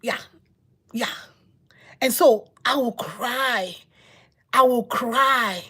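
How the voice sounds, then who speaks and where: A woman giving a personal testimony as a sermon, telling her story with repetition and dramatic pauses. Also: a little high, fairly bright tone, breathy edge. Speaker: preacher.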